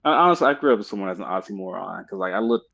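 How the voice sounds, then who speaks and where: Lo-fi low-voiced man, animated podcast chat. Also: racing, vocal fry. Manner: animated storyteller, laughs easily, says "yeah" a lot. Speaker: podcast co-host. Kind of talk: casual chat. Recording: dull lo-fi mic.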